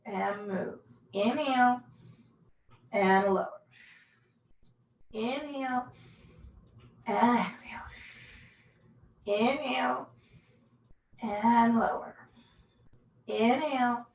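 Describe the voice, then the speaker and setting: A woman's voice: on the high side, very slow, long pauses. Echoey woman cueing a mat workout. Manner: casual, self-deprecating, calm cueing. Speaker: pilates instructor. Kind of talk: guided workout instruction. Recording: echoey room, mic far off.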